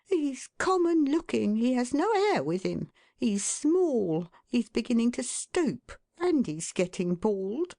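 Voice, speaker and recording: A sharp-tongued working-class wife played by a woman narrating an audiobook speaks in a shrill, high, weepy voice. It sits far above the reader's own low tone. The sound is dry and close. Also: very animated, slow pace, few pauses, no echo, full character voice. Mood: scornful. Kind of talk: audiobook character voice.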